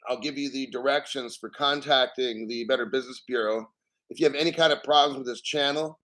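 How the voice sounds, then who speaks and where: A man hosting a crypto channel, ranting bluntly and profanely about banks and the platform while reading out an article, often clearing his throat. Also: mid-range voice, brisk, a bit bright.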